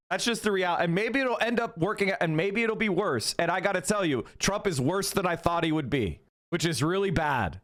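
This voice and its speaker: Man, political streamer, combative and foul-mouthed, voice swinging up and down a lot, pitched a bit high. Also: fairly bright tone. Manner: combative, profane, mocking. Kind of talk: live-stream rant to chat.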